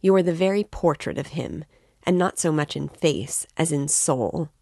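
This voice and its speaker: A woman's voice: sits low, moderate pace, gravelly, warm tone, dry recording, studio quality. A woman reading as a fretful, worried mother. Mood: anxious. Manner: worried, talkative. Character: anxious fretful middle-aged mother, woman.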